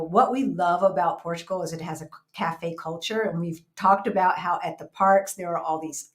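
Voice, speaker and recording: A middle-aged woman from the United States co-hosting a casual chat, telling stories in an animated, conversational way. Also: on the low side. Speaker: co-host.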